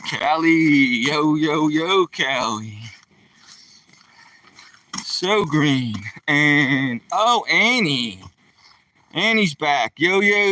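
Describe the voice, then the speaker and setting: A man's voice: on the high side, bright, forceful tone, far from the mic. An older retired man with a Philadelphia accent, chatting casually with viewers on a night-time live stream while walking his dog outdoors, greeting them with a playful "yo, yo, yo.".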